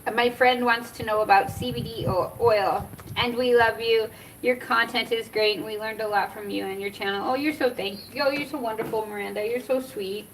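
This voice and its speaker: A woman's voice: a little high, steady tone, moderate pace, fairly bright tone. A middle-aged woman vlogger chatting casually to camera, rambling and laughing often. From United States. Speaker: cannabis vlogger. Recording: from a little distance, faint background noise.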